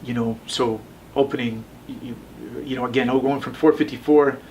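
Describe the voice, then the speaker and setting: A man's voice: mid-range voice, fairly even intonation, moderate pace, darkish tone, recorded from a distance, slight background noise. Rambling man telling a story. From Las Vegas, USA. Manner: rambling, with frequent restarts. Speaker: tattoo shop owner. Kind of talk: casual storytelling interview.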